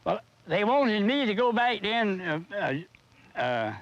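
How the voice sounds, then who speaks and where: An older man, telling a story in a halting, stumbling way in a documentary interview. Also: high-pitched, big pitch swings. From North Carolina. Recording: dull lo-fi old film sound.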